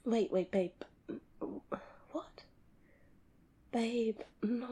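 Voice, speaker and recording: A woman playing the listener's girlfriend in an audio role-play, talking in an expressive, conversational way that swings between loud and hushed. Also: lowish voice, a little slow, gravelly, slightly rough. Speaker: girlfriend character addressing the listener.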